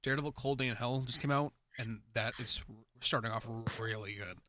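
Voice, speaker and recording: Man, casual chat, relaxed, mid pitch. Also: brisk.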